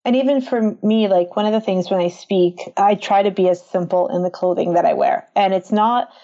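A woman's voice: medium pitch, a little fast, highs cut off. A woman who is a marketing consultant, speaking as a podcast guest in casual conversation and acting out her own thoughts as she tells stories. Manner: animated storytelling, acts out her own thoughts.

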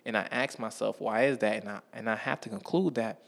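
A man's voice: on the low side, brisk, creaky. A man telling stories from his life in a casual, slangy monologue, often checking in with the listener. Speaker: vlogger.

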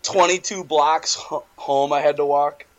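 A man's voice: a little high, steady tone, measured pace, highs cut off. A young man in casual chat, telling stories about himself in a laid-back, self-mocking way with laughs.

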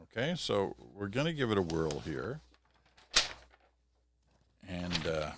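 A man hosting a podcast, reading an article aloud with relaxed, conversational asides. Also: sits low, slow, background noise. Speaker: podcast host.

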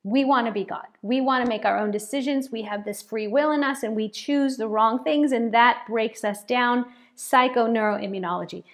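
A woman pastor preaching a sermon in an animated way, repeating words for emphasis. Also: on the high side, moderate pace, few pauses. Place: church, speaking to a congregation and online chat.

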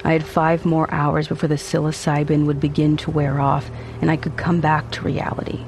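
A man narrating a dark first-person story in an intense, brooding, theatrical way. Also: a little high, completely flat delivery, normal speed, noisy background.

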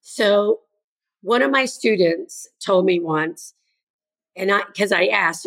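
An older woman, a grandmother and educator, speaks earnestly as a guest in a conversational interview, acting out the voices of kids and parents she quotes. Her voice is mid-range, slow, gravelly and fairly bright.

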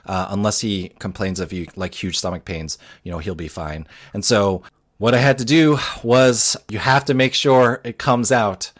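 A man's voice: on the low side, moderate pace. Rambling man telling a home story. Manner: rambling, self-deprecating, frequent fillers. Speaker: podcast co-host. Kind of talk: casual storytelling chat.

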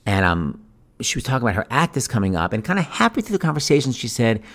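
Animated man hosting a podcast. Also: medium pitch, fast talker. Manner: animated, acts out quoted voices with big exclamations. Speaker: podcast host. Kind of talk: chatty anecdotal storytelling.

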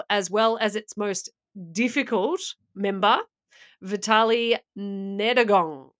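A chatty woman with a fairly high voice, cohosting a casual podcast. She tells a story in a loose way, joking at her own expense as she goes. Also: a bit bright. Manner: chatty, laughs mid-story, self-mocking. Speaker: podcast co-host.

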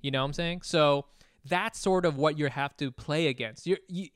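A Vietnamese-American man in casual podcast chat who talks in restarts, swears and gets louder as he argues. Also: fairly high pitch, moderate pace, clean tone, dry recording, studio quality. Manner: animated, laughing, swearing, restarts.

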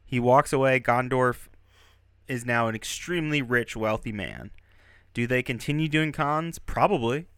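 A man co-hosting a podcast in casual chat, animated and given to exaggerated mock-outraged outbursts. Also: medium pitch, moderate pace, clear, resonant tone, dry recording, studio quality. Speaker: podcast co-host.

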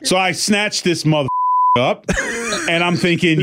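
Man co-host, animated comic storyteller, slightly raised pitch, casual chat. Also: a little slow, long pauses, slight background noise.

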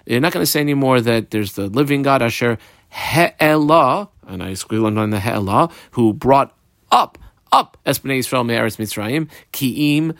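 A man's voice: medium pitch, brisk, vocal fry, hardly any pauses, no room sound, clean studio sound. A man teaching a Talmud page in a casual, explaining way, translating Hebrew and Aramaic terms into plain English as he goes.

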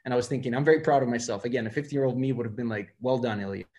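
Fast-talking man. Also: medium pitch. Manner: fast, animated, acts out quoted dialogue. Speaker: film director, guest. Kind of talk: casual interview storytelling.

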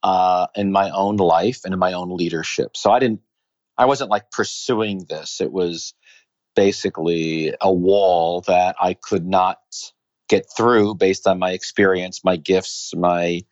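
A man's voice: deep voice, fairly even intonation, unhurried, lo-fi sound. A middle-aged man with a New York accent, a pastor and author, answering interview questions in an earnest, reflective way. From New York, USA.

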